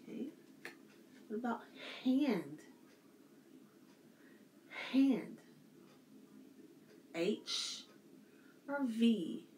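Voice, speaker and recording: A woman's voice: medium pitch, very animated, slow pace, pauses often, a little mellow, slight background noise. A woman leading a circle time lesson for young children, asking patient questions. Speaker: preschool teacher. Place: church classroom. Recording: echoey room, faint music.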